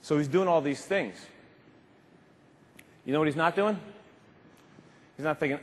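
A middle-aged man giving an animated, emphatic motivational keynote speech, acting out little scenes along the way. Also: on the high side, a little slow, pauses often. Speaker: keynote speaker. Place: large convention hall. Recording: reverberant hall, faint background noise.

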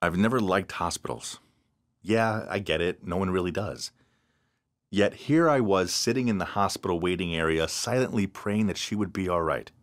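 A man narrating an animated story in a scripted, expressive first-person style. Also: low voice, normal speed.

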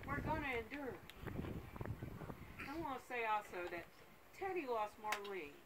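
Woman giving a heartfelt preachy eulogy outside at a grave, lots of noise around, voice on the high side. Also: animated, moderate pace. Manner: emotional, preacherly, with call-and-response. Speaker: daughter speaking at a graveside service. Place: outdoors at a rural graveside. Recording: loud outdoor background noise.

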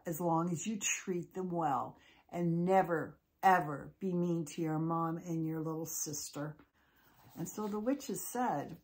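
Animated woman storyteller. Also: on the low side. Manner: animated, conversational. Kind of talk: telling an original story.

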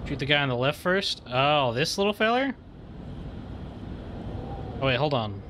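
A young man streaming a video game with casual commentary. He swears freely and rants with growing excitement. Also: mid-range voice, a little slow, noisy background. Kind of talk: casual let's-play commentary.

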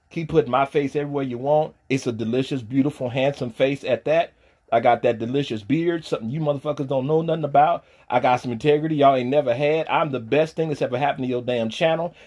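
A man, ranting on a livestream, profane and taunting, dropping from low mutters to loud shouting. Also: breathy edge, highs cut off. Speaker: streamer pastor.

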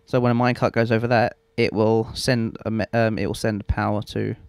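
A man's voice: lowish voice, level tone, fairly quick, creaky, darkish tone, clear, resonant tone, no echo. A young man giving rambling, self-mocking gameplay commentary and swearing freely. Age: young adult. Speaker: let's play host.

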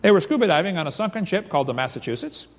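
A man giving a seminar lecture, telling stories in an animated way and reading accounts aloud. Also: high-pitched, very fast. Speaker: creationist seminar speaker. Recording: reverberant lecture hall.

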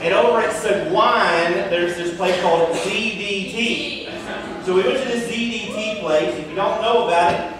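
A man's voice: high voice, normal speed, crowd noise. A man in his thirties, a senior pastor telling a comic story in a sermon, joking at his own expense with playful exaggeration. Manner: self-deprecating humor, playful exaggeration. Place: large church sanctuary. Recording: echoey church hall, distant mic, noise.

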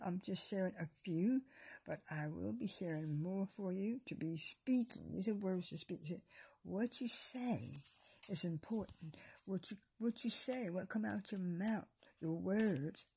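Slow, gravelly, raspy woman praying. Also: mid-range voice. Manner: repetitive, slips into soft whispers; exhorting, encouraging listeners. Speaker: devotional video host. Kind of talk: Bible reading and prayer.

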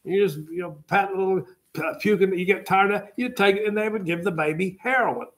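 With a slightly high, somewhat bright voice and a brisk pace, an older man teaches history. He drifts through jokey anecdotes and makes asides to the students as he lectures.

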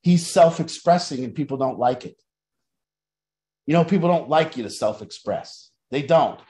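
A man's voice: on the high side, expressive, normal speed, warm tone. Blunt, profane man giving a recovery talk. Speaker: recovery program leader. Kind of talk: motivational talk.

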